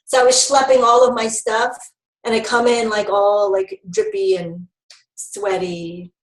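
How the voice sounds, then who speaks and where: A woman's voice: medium pitch, little pitch movement, unhurried, roomy sound, poor audio. A woman presenting a health education webinar in a casual, chatty way, laughing often, heard over a video call.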